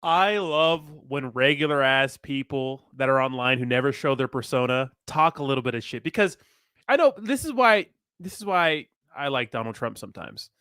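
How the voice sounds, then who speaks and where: Bright-voiced, blunt male reactor. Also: fairly high pitch, dry recording, studio quality. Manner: blunt, swears freely. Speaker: reaction channel host. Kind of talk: casual reaction commentary.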